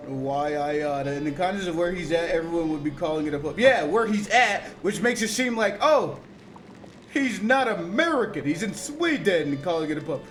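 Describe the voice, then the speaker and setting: A young man livestreaming a game, his voice sitting high for a man and bouncing with slangy, animated reactions. Game music plays clearly behind him the whole time. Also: brisk. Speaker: streamer. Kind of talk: live gameplay commentary.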